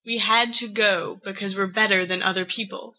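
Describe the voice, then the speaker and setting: A woman's voice: medium pitch, steady tone, moderate pace, bright, forceful tone, rough recording. A woman voicing a brash, cocky eighteen-year-old young man who tells his story in a boastful, rambling way. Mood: recounting.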